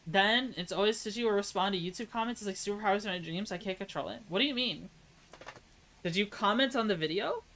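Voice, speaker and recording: A woman's voice: medium pitch, fast, a bit bright, a little hiss or hum, poor audio. A woman with an American accent chatting casually on a live stream, reading chat aloud. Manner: chatty, reads chat aloud, laughs at own jokes; tries mock German accent voices.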